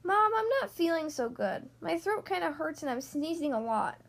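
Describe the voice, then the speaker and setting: A woman's voice: sits high, sing-song, moderate pace, gravelly, full character voice. A woman voicing a kind young girl who plays toy doctor, sweet and earnest, in a storybook reading. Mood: gentle.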